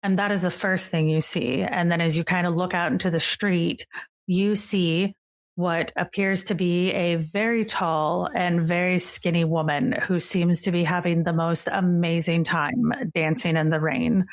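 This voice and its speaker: A woman's voice: on the low side, steady tone, unhurried. A woman narrating a tabletop game as game master, describing scenes casually with lots of "like" fillers.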